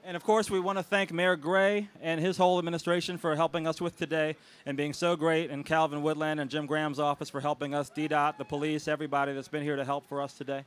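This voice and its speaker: A man, co-owner of a restaurant, hosting an outdoor anniversary celebration with emotional, grateful words and loud announcements. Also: on the high side, little pitch movement, fast talker, hardly any pauses, clean tone. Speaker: restaurant co-owner and event host. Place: outdoors on a city street.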